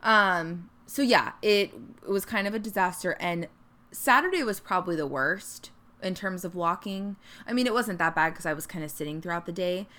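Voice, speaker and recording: Casting: young woman, podcast co-host, bright clear tone, chatty storyteller voicing quotes. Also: fairly low pitch, animated, moderate pace. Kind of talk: casual chat. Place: Northern California.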